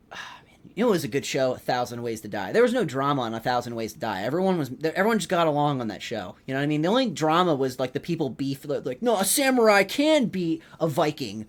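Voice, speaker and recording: A young man hosting a comedy podcast, rambling in an animated, profane way and filling his talk with "like.". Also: fairly high pitch. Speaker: podcast host, rookie stand-up comedian.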